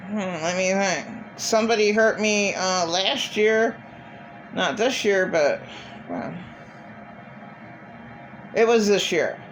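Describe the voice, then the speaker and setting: Slow, ranting middle-aged woman. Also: mid-range voice, slight background noise, poor audio. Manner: ranting, repetitive, blunt and profane. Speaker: vlogger. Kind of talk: casual monologue.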